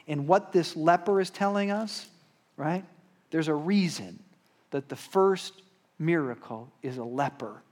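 A male pastor preaching a sermon in a conversational way, tossing in "right?" and "okay?", swinging between emphatic rises and quiet, slowed drops. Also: fairly high pitch. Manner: conversational preaching with rhetorical asides and repeated "right?".

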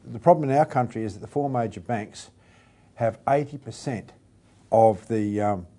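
Aussie bloke explaining banking stuff on a talk show, dark mellow voice, keeps hammering his points. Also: mid-range voice, moderate pace. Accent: Australian. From Australia. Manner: explanatory, builds points with repeated emphasis. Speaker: co-host. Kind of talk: political talk show discussion.

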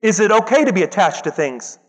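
A man preaching a lively sermon, acting out the people he quotes and breaking into loud bursts. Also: sits high, fairly quick. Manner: animated, acts out quoted voices, loud bursts. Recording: long hall reverb.

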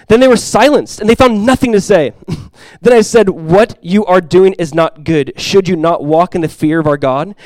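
A young adult man, a pastor, preaching a sermon in a casual, animated storytelling way. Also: a little high, no echo, low-quality recording.

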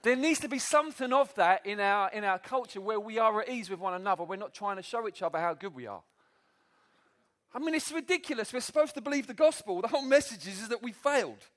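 A man preaching a sermon to a church meeting, animated and self-deprecating, often breaking into laughter. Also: sits high, fast.

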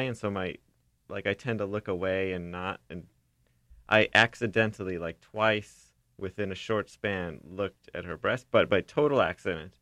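Shy, halting lower-voiced man. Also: fairly bright tone, no echo. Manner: sheepish, halting, self-deprecating. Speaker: podcast co-host. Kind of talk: casual chat.

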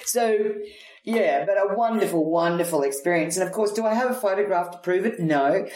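A middle-aged woman with an Australian accent tells stage stories with a performer's flair, voicing the people in them. Her voice sits at an ordinary pitch for a woman. The room gives it a noticeable echo. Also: normal speed, darkish tone. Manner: theatrical storyteller, acts out quotes. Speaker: guest, head of acting. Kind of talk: anecdotal interview chat. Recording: roomy echo.

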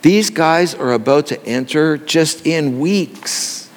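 Male preacher, earnest sermon, fairly high voice, long hall reverb. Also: takes it slowly. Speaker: pastor.

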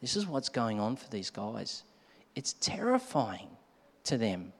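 A man preaching a sermon, animated, at times shouting to act out a scare and dropping to a hush. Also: fairly low pitch, measured pace. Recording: long hall reverb.

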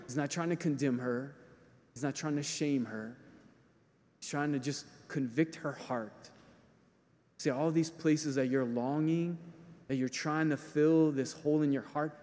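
A man preaching a sermon in a lively, animated way, acting out the voices of the people he quotes. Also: fairly high pitch, measured pace, big-room sound.

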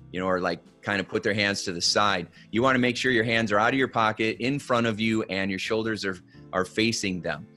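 This body-language expert, a guest on a conversational podcast, has a fairly low yet bright, forceful voice. He's instructive and coaching, offering practical tips and frequently asking "okay?" and "right?" along the way.

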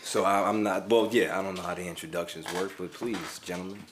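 Low-voiced man, wry and self-mocking. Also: fairly even intonation, brisk, fairly bright tone, a little hiss or hum. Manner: self-mocking, laughs often, formal word choice. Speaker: guest. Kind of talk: casual podcast chat. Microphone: chewing candy near the mic.

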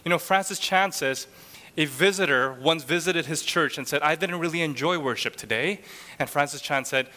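A man's voice: a little high, normal speed, bright, forceful tone. A man preaching a sermon in an earnest, rhetorical way, often checking in with the listeners. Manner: earnest, rhetorical, frequent "right?" tags. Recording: long hall reverb.

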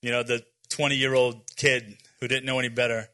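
A man's voice: mid-range voice, flat delivery, normal speed, pushed and bright. A man in his forties giving an informal, earnest sermon to young people, with many fillers and restarts and some self-deprecating humor. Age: 40s. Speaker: youth speaker.

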